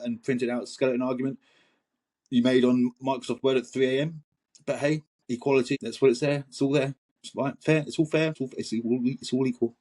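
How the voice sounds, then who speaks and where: Male host, mid-pitched husky voice, sardonic and exasperated commentary. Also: darkish tone. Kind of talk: sarcastic commentary monologue.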